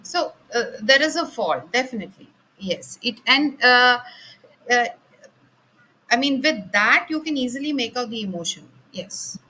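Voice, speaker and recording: A woman in an online class answers a question over a video call. Her voice is bright and fairly high. She hesitates often and fills the gaps. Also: lively intonation, unhurried, low-quality recording. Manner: hesitant, with many fillers. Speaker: participant in a training session.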